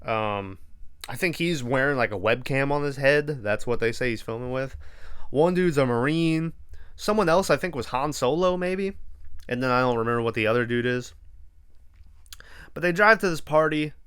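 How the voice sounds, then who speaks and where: A man's voice: mid-range voice, normal speed, fairly bright tone, clean tone. A man hosting a podcast, casually recapping a movie in a laid-back, rambling way and swearing freely. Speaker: podcast host.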